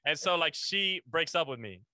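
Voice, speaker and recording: A man's voice: a little high, expressive, normal speed, sharp tone, dry recording. A young man, a podcast guest, telling a casual story full of slang and swearing, calling the listener "bro".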